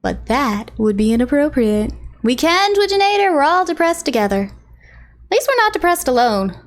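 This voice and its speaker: A woman's voice: sits high, sing-song, moderate pace. A woman streamer chatting casually with her viewers and greeting them by name. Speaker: live streamer.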